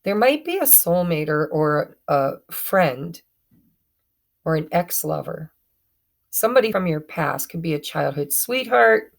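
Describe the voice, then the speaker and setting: A woman's voice: sits low, big pitch swings, a little slow, creaky. A woman giving a chatty tarot reading to her viewers, often stumbling and correcting herself as she goes. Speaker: tarot reader. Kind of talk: casual tarot reading to camera.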